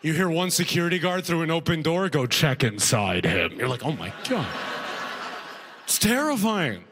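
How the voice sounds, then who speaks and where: Male comedian, slightly high voice, casual set with crowd asides, hall echo. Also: animated, moderate pace, noisy background. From Alberta, Canada. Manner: conversational, frequent "right?" asides, drawled impressions. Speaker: stand-up comedian. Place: comedy festival stage before a live audience.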